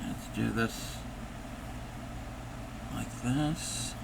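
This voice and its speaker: A man's voice: mid-range voice, extremely slow, gravelly, background noise. A man hosting a casual live stream, thinking aloud and chatting playfully with viewers as he crafts. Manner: thinks aloud and chats with viewers while working.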